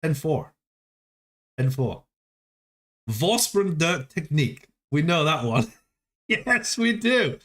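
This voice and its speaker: A man's voice: on the high side, lively intonation, takes it slowly, pauses often. A man hosting a casual livestream, playfully quizzing a viewer on foreign phrases and cheering him on. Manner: playful, teasing quizmaster who coaxes viewers. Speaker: host.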